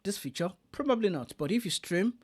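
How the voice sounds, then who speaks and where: A man's high, animated voice runs a little fast as he reviews a streaming mixer in a relaxed, chatty way. As a tech reviewer, he walks through the features live on the gear.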